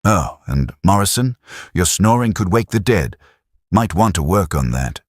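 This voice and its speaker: A man's voice: low voice, very animated, unhurried, no room sound, full character voice. A man voicing a cheeky young British army private from Sheffield who teases in a dry, chatty way. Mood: joking. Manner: chatty, teasing, dry humor.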